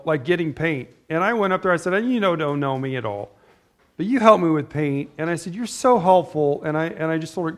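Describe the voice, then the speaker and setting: A pastor with a fairly high, somewhat bright male voice preaches an informal, story-filled sermon. His delivery is rambling and conversational, full of restarts and side comments.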